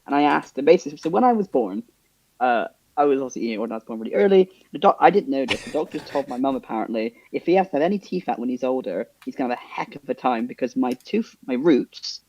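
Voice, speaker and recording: A young man co-hosting a podcast talks fast while casually telling a story, and the sound is lo-fi. He's animated, acting out the voices of the people involved with big pitch jumps and laughter.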